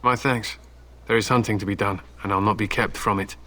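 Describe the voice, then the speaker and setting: A proud, stern warrior from a video game, with a bright, forceful edge to his voice. He speaks solemnly of old legends and turns blunt and threatening without raising his tone. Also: on the low side, fairly even intonation, a little fast. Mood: menacing. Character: stern proud male warrior, hound handler.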